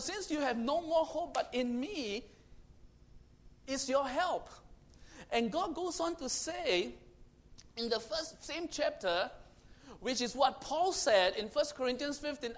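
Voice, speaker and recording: A man preaching a sermon, swinging between loud proclamation and hushed, intimate tones, with emphatic, repetitive phrasing. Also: very high-pitched, lively intonation, unhurried.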